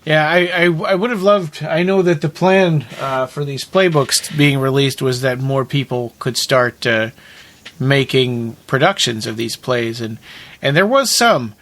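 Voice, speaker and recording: A man co-hosting a podcast, chatting casually with short replies and halting restarts. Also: medium pitch, fairly bright tone. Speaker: podcast co-host. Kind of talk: casual chat.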